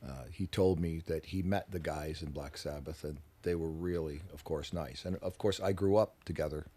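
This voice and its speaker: A deep-voiced rock musician, a guest in a radio studio, tells stories in a casual interview at a normal speed. He's animated and profane, acting out the voices of people he quotes.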